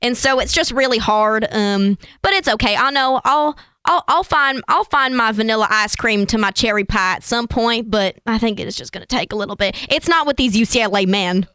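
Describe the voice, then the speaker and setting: Woman doing a lovelorn country gal, american twang, drawling, playful, slightly high voice. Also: fairly quick, hardly any pauses, bright, forceful tone, smooth, no room sound, clean studio sound. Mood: flirty, wistful.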